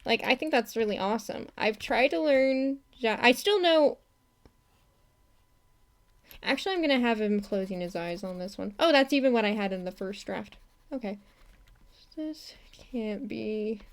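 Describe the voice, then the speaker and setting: Female streamer, slightly high voice, loose casual chatter full of giggles and restarts. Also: lively intonation, normal speed, long pauses. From not from Texas. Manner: rambling, giggly, laughs often, many restarts. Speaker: animator streaming her work. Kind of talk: casual live-stream chat while working.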